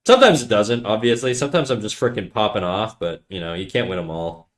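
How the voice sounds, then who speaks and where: Young man, live streamer, bassy nasal voice, stuttering, fast rambling, casual, swears, says dude a lot. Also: lively intonation. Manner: fast rambling talk with frequent stutters and restarts; swearing, slangy, calls listeners dude. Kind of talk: casual chat reading viewer comments.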